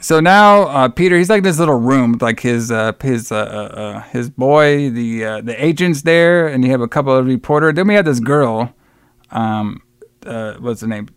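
A man co-hosts a podcast in a casual film review chat, rambling through a movie's plot with plenty of swearing and mocking voices for the characters. His mid-range voice is clear and resonant, with lively intonation at a moderate pace. The sound is clean studio quality with no echo.

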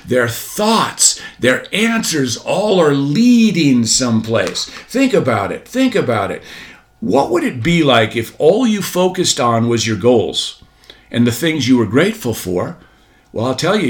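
A man's voice: medium pitch, fairly bright tone. A man in his forties giving a motivational talk, preachy, repeating key phrases and asking rhetorical questions. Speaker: motivational speaker.

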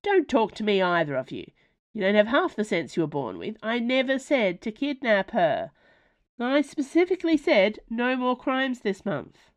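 A woman's voice: on the high side, sing-song, normal speed, voice pushed up. A woman voicing a grumpy, bossy human mother who scolds her werewolf sons. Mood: scolding. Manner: scolding, loud and stomping.

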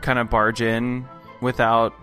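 Man, tabletop player, bright sharp voice, casual chat full of "like", faint music. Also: mid-range voice, level tone, slow pace. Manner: chatty, with many "like" fillers.

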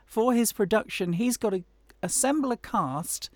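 A woman hosting a podcast interview, who sums up the story in a measured way and leads into the next question. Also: a little high, no echo. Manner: measured, summarizing, leading questions. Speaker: podcast host.

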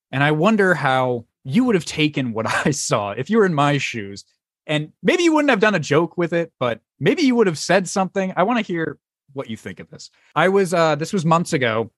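A man hosting a casual podcast chat, telling stories in an animated way and swearing casually. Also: mid-range voice, dry recording. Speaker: podcast host.

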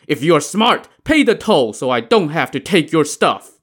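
A man voicing a cowardly male highway robber and imposter who talks in a trembling, pleading way. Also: moderate pace, close to an everyday voice. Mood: boastful. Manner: pleading, trembling, high-pitched.

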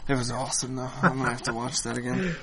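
A man's voice: medium pitch, quick pace, a crowd in the background. A man co-hosting a casual comic-book podcast, telling stories with lots of swearing and laughter. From Irish heritage in the US. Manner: profane, laughing storyteller. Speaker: podcast co-host.

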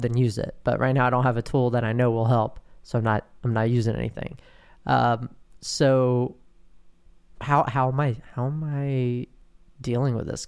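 Gravelly man speaking candidly. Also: mid-range voice, darkish tone. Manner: candid, halting, many restarts and fillers. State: in withdrawal pain, slowed. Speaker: podcast host. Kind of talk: personal monologue.

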